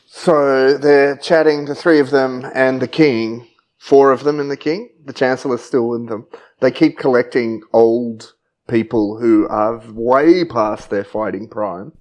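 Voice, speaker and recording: An Australian man co-hosts a podcast in a loose, playful way. He rambles and fills gaps with ums. His voice sits at an ordinary middle pitch. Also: steady tone, unhurried, darkish tone, rough recording. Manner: rambling, playful, many fillers. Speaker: podcast co-host. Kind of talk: casual chat.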